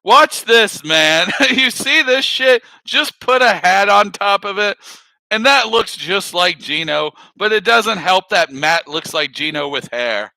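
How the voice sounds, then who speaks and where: A man's voice: sits high, lively intonation, unhurried, vocal fry, sharp tone, dry recording, poor audio. A man on a live stream chatting casually, rambling, swearing a lot and laughing often.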